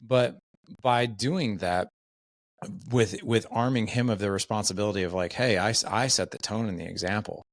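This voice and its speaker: A man's voice: fairly low pitch, moderate pace, no echo. A man hosting a podcast in casual conversation, upbeat and affirming, asking curious questions. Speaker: podcast host.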